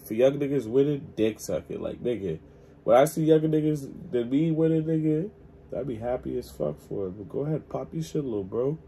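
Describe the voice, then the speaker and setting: A man's voice: medium pitch, animated, a little fast, gravelly, warm tone, a little hiss or hum. A man hosting a reaction video, talking in casual, emphatic slang. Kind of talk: reaction commentary.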